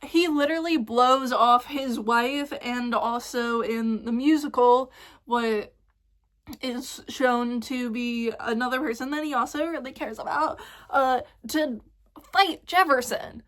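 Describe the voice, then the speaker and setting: A young woman ranting excitedly in a casual fan vlog, rambling with lots of fillers and swearing. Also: on the high side, takes it slowly. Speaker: vlogger.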